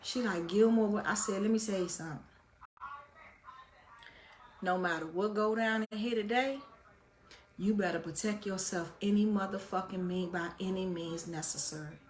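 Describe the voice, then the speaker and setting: List: woman, vlogger, casual storytelling, blunt, profane, mid-pitched voice. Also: normal speed, long pauses, slight background noise.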